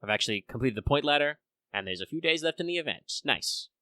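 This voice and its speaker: A man's voice: mid-range voice, expressive, fast talker, pushed and bright, no echo. A man hosting a casual podcast chat, rambling with lots of fillers, a bit under the weather. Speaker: podcast host.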